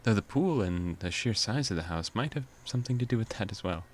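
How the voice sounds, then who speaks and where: A man voicing a refined, soft-spoken young woman in a visual novel, reading her lines gently and politely. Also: fairly low pitch, expressive, fast, a little hiss or hum, voice pushed up, natural voice. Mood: gentle.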